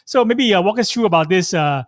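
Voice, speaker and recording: A man's voice: high-pitched, animated, a little fast, dry recording, studio quality. A man hosting a live online interview, giving upbeat, effusive introductions. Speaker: host.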